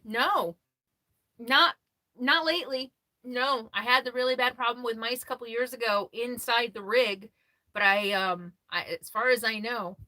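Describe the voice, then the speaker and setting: A woman hosting a casual livestream about RV life, chatting and answering viewer comments, laughing often and quick to apologize. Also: fairly high pitch, bright, forceful tone. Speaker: RV lifestyle livestream host.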